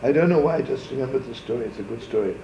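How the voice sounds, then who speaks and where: A man's voice: mid-range voice, lively intonation, very fast, warm tone, a little hiss or hum. A man, a rabbi, telling a story in a folksy, digressive way, sprinkling Yiddish words and asking "right?" as he goes. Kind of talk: informal storytelling talk. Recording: echoey, muffled archival room recording.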